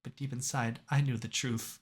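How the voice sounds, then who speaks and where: A man voicing a tired, motherly young woman who pleads softly and apologetically in a visual novel. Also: mid-range voice, sing-song, fast, slightly rough. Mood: weak, tearful. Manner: soft, breaking, apologetic.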